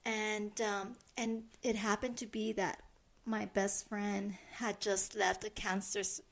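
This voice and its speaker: Middle-aged woman, podcast co-host, gravelly, soft and halting. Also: medium pitch, level tone. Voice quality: soft, halting, many restarts. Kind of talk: casual chat.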